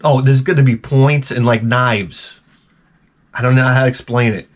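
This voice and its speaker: A man's voice: medium pitch, steady tone, moderate pace. Profane, rambling male vlog host. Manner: jokey, exaggerated. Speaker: YouTube host. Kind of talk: comedic rant to camera.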